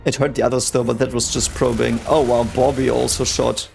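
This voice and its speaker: A young man reacting to a sci-fi series episode in casual commentary, excitable and swearing a lot. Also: medium pitch, brisk, gravelly, faint music behind. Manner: excitable, swears a lot, talks over the show. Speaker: reaction video host.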